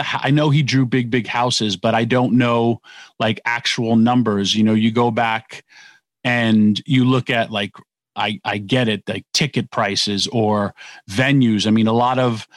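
A man's voice: mid-range voice, no room sound. Rambling man on dry-sounding radio. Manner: rambling, self-correcting, casual. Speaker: radio co-host, former wrestler. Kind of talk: sports talk radio.

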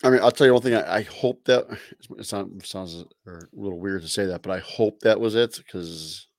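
A man's voice: low voice, moderate pace, creaky, no echo, clean studio sound. A man co-hosting a casual sports podcast, laid-back, using fillers as he reels off stats and rumors. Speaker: podcast co-host.

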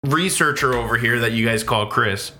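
A man's voice: mid-range voice, moderate pace, sharp tone, a little hiss or hum. A man co-hosting a casual podcast, sharing fun facts in a playful, self-mocking way. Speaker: podcast co-host and researcher. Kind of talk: casual chat.

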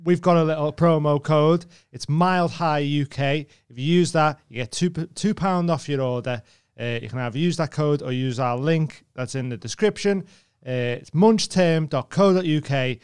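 A man's voice: fairly high pitch, moderate pace, darkish tone, clear, resonant tone, dry recording, clean studio sound. A man with a British accent, a podcast co-host, reading an ad read casually and chiming in with short agreeing replies.

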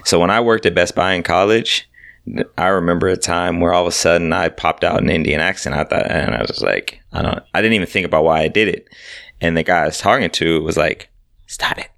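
A man's voice: sits low, fast, gravelly, a bit bright, dry recording, studio quality. A man co-hosting a podcast, chatting casually and telling a story, often trailing off and restarting. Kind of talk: casual conversation.

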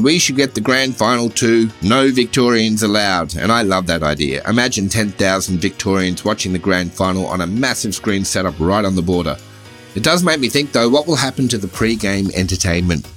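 A man's voice: fairly low pitch, fairly bright tone. An Australian man hosting a comedy podcast, delivering a scripted satirical monologue in a sardonic, wry way.

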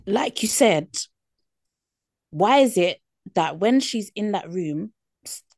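A woman co-hosting a podcast in casual chat, animated and quick to laugh. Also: medium pitch, no echo, studio quality. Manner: animated, laughs often, acts out quoted voices. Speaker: podcast co-host.

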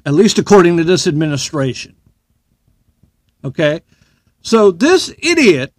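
A man's voice: high-pitched, no room sound, clean studio sound. A man hosting a solo podcast, ranting bluntly and heatedly with plenty of swearing. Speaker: podcast host.

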